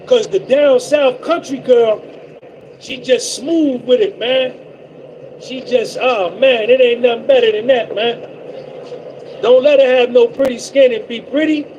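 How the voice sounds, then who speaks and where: Very high-voiced New Jersey man. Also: slight background noise, rough recording. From North Jersey, USA. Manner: boastful, repetitive, giving shout-outs. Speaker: trucker livestream host. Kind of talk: casual live-stream monologue.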